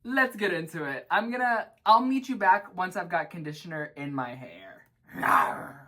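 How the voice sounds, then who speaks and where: A young man vlogging in his shower, rambling in an animated, self-mocking way. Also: high-pitched, normal speed. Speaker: vlog host. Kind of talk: rambling stream-of-consciousness chat. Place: in the shower at home.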